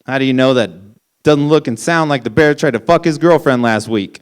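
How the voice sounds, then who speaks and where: A man's voice: medium pitch, clean tone. A young man performing a stand-up comedy set, ranting incredulously with lots of swearing. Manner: profane, incredulous, ranting punchlines.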